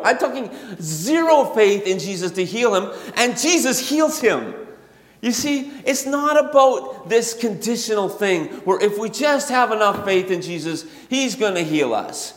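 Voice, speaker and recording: A man preaching a sermon in a conversational way that builds to animated emphasis, heard in a church hall. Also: high-pitched. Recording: echoey hall, long reverb.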